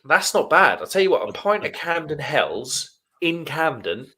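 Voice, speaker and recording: A man's voice: on the high side, very animated, a little slow, bright, forceful tone, a little hiss or hum. A man hosting a live stream over beers, rattling through viewer comments in a chatty, matter-of-fact way. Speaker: livestream host reading viewer comments. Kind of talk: casual chat over beers.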